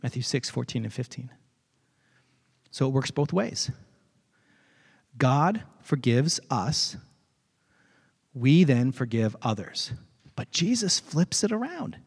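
A pastor delivering a conversational sermon, retelling a parable with animated asides. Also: male voice, mid-range voice, takes it slowly, gravelly, pauses often, husky, big-room sound. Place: church sanctuary.

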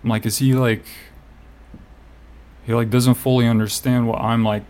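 A man's voice: medium pitch, little pitch movement, moderate pace, darkish tone. A man telling a story in casual chat. He rambles, fills his talk with "like" and swears now and then.

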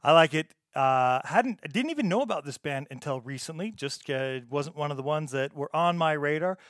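A man's voice: on the high side, expressive, normal speed, a bit bright, no echo, studio quality. A man hosting a punk music podcast, introducing songs in an easygoing, chatty way with frequent "uh" fillers. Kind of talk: casual radio-show DJ talk.

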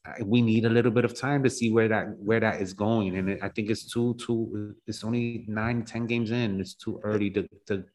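A man's voice: on the low side, steady tone, moderate pace, few pauses, darkish tone, rough recording. A man in a casual football chat, talking hesitantly with many fillers.

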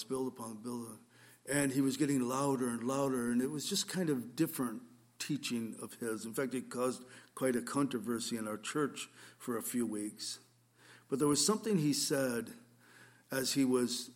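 A man's voice: mid-range voice, moderate pace. A male pastor giving a conversational sermon, telling a story earnestly with frequent restarts.

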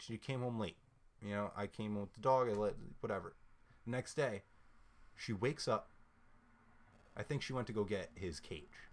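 A young man with a fairly low-pitched voice tells a story in a casual chat. He swears constantly and rants with animated frustration, laughing his way between complaints. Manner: profane, animated ranting storyteller.

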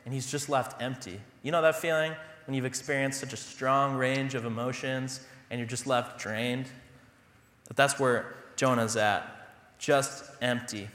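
Young pastor, bright tone, casual self-deprecating sermon delivery, roomy church echo. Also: male voice, medium pitch. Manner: conversational, self-deprecating humor. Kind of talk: sermon with personal stories. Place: church sanctuary.

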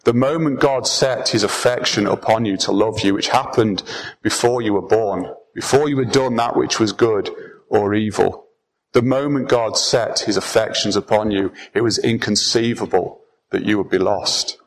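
A man's voice: fairly low pitch, moderate pace, poor audio. A man preaching a sermon as pastor, earnest and emphatic, often restarting his phrases.

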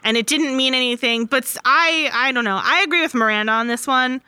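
A young woman with a high, bright voice, chatting frankly and casually with a friend. She slips into characters' voices as she recaps. Her tone is smooth and clear, recorded dry and close. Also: a little fast, no echo. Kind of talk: casual chat recapping a show.

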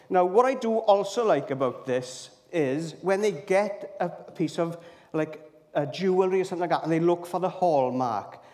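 High-voiced man preaching in a reverberant hall. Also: darkish tone. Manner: chatty, keeps asking the congregation questions. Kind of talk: conversational sermon. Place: church, also streamed to viewers at home.

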